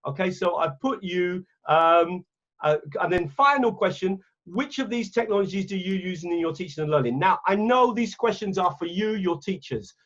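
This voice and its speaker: A man's voice: sits high, lively intonation, normal speed, fairly bright tone, dull audio. A man with an English accent leading an online webinar for teachers, chatty and often correcting himself as he clicks through his screen. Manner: chatty, self-correcting, talks while clicking around. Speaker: teacher trainer. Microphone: computer mic on a video call.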